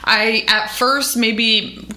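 Bright-voiced woman in casual chat. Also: a little high, extremely slow. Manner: animated, talks in long run-on explanations. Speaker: podcast co-host, sister-in-law. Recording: echoey room.

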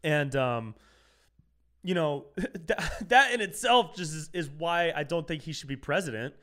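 A man's voice: on the high side, lively intonation, measured pace, fairly bright tone. A young man hosting a solo comedy podcast, talking casually and swearing, who often gets heated.

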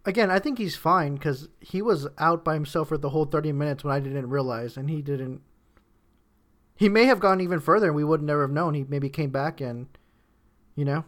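Man, somewhat high voice, casual chat, easygoing. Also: fairly quick.

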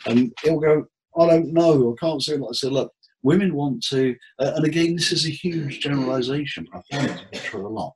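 A husky, slightly breathy man speaks at an ordinary middle pitch. He talks through his cases like stories, taking on the voices of the people in them and jumping up in pitch when he does. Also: fairly quick, rough recording. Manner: animated storyteller acting out client dialogue. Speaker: therapist guest. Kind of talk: casual interview chat.

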